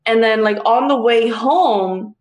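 A woman's voice: fairly high pitch, slow pace, a crowd in the background. Blunt, swearing young woman storyteller. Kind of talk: casual chat.

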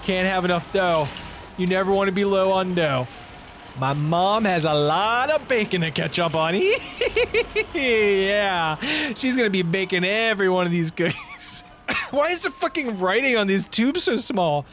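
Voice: mid-range voice, sing-song, a little slow, fairly bright tone. A performer in a rambling comedic monologue, talking in loops and repeating phrases, growing frantic and cursing. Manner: rambling, repetitive, frantic, swears a lot. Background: music.

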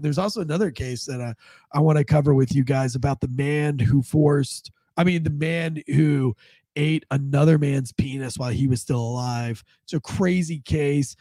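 A man's voice: a little high, moderate pace, warm tone, no room sound. A man hosting a casual news commentary show with a stuffed-up head cold, rambling with many fillers and restarts. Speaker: host.

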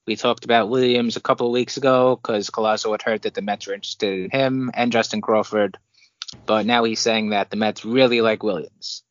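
A man co-hosting a casual sports podcast, relaxed, reading out draft news with his own asides. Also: on the low side, fairly quick, no echo, highs cut off. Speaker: podcast co-host.

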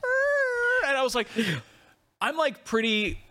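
A man co-hosting a casual podcast, telling gaming stories with animated, quick acted-out voices. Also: fairly high pitch. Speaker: podcast co-host.

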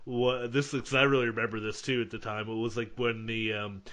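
A man's voice: medium pitch, level tone, brisk, fairly bright tone. A man co-hosting a casual podcast chat, recalling sketch comedy with enthusiastic, rambling restarts. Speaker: podcast co-host.

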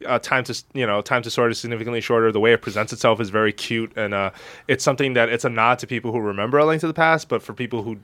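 A man's voice: mid-range voice, racing, fairly bright tone. A man co-hosting a gaming podcast who talks thoughtfully and hedges with "um" and "I guess.". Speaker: podcast co-host. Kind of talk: casual chat.

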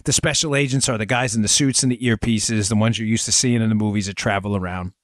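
A man's voice: fairly low pitch, fairly even intonation, fast, no room sound, studio quality. Emphatic, sarcastic man in his forties. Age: 40s. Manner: storytelling, addresses listeners as folks. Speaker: podcast host. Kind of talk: political commentary podcast.

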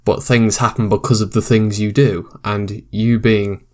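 A man hosting a podcast with a fairly low voice. He muses out loud in a casual, reflective manner as he responds to his guest. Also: flat delivery, a little slow. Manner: reflective, thinking aloud. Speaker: podcast host. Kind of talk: casual interview chat.

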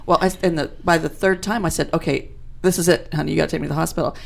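Woman, gravelly voice, low pitch, blunt wry chat. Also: steady tone, rapid-fire. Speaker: co-host. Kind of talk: casual chat.

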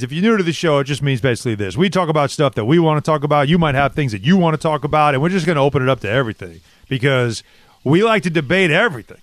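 A man hosting a sports radio show in casual, animated banter, with a New York accent. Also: fairly high pitch, no room sound. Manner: animated, quick banter with co-hosts. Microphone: studio microphone.

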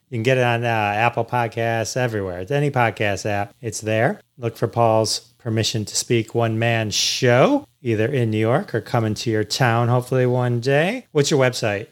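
A man hosting a podcast interview, enthusiastic and upbeat with his guest. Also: medium pitch. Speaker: podcast host. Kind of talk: casual interview.

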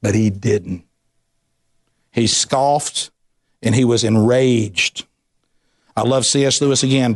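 Animated man preaching a sermon. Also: medium pitch, takes it slowly, pauses often. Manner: animated preaching with frequent restarts and rising emphasis. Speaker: pastor.

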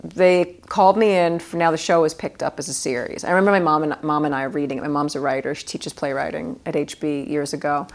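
A woman's voice: deep voice, fairly even intonation, fast talker, few pauses. A middle-aged woman from New York, a guest actress telling stories at home in a casual interview, swearing freely and laughing mid-story.

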